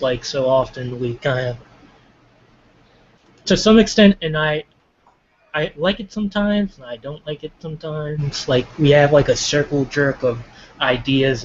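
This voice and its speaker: A man in a casual online group discussion who talks loosely and fills his speech with "like". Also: medium pitch. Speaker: hangout participant. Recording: dull lo-fi call audio with faint background noise.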